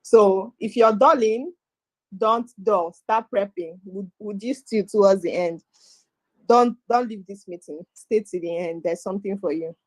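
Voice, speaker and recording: A woman's voice: mid-range voice, a little slow, darkish tone, no echo, low-quality recording. A Nigerian woman co-hosting an online webinar, hyping up speakers with energy and teasing, slipping into Pidgin. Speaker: webinar co-host. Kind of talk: lively casual chat with Pidgin.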